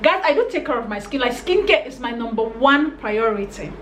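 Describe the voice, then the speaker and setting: A young Cameroonian vlogger does a brisk storytime, casually retelling events in a high, bright voice. She acts out each line of dialogue with animated exasperation, her voice echoing around the room over a faint hiss.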